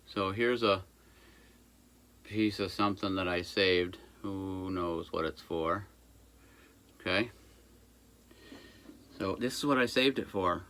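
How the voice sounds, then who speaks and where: A man's voice: on the low side, fairly bright tone. A man who runs a small engine repair shop, giving a casual, rambling how-to with jokey asides while he works at his bench. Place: workshop by a busy road.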